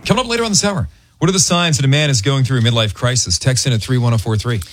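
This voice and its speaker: A man's voice: medium pitch, racing, music in the background. A middle-aged man hosting a morning radio show, bantering playfully and teasing his co-hosts.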